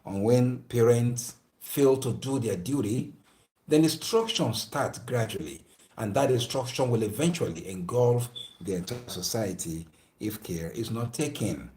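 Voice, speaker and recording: A man's voice: medium pitch, expressive, measured pace, darkish tone. Preachy man lecturing viewers. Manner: emphatic and preachy, with many repeated phrases. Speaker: speaker addressing viewers. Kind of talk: moralizing lecture.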